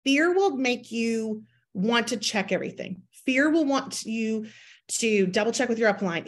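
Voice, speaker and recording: Lively woman hyping up her team, slightly high voice, does little voices for what people think. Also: a little slow. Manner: animated, acts out inner voices in quoted asides. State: pregnant, near her due date. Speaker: network marketing team leader. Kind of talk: motivational talk to a team.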